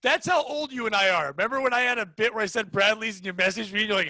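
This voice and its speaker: A man from hosting a casual comedy podcast, joking in quick riffs and acting out the people he quotes. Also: sits high, bright, forceful tone, no room sound. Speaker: podcast host.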